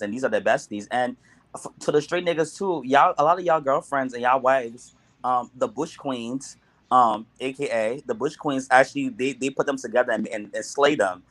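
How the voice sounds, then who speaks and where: A man on a podcast panel, talking in an animated, amused way with many stammers and restarts. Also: mid-range voice. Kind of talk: casual podcast debate.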